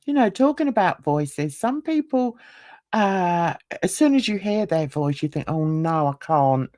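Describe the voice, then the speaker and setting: Woman, relaxed pace, lively swooping pitch, dry close sound; chatty panelist who laughs and mimics others. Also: a little slow, no room sound. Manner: animated, laughing, mimics other people's voices. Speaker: livestream panelist. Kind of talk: casual livestream chat.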